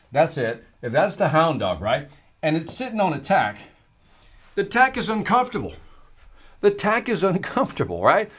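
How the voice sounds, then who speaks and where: Casting: an emphatic sales trainer, fairly high voice with wide swings in pitch. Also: male voice. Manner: animated, emphatic storytelling. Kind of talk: live-streamed training talk.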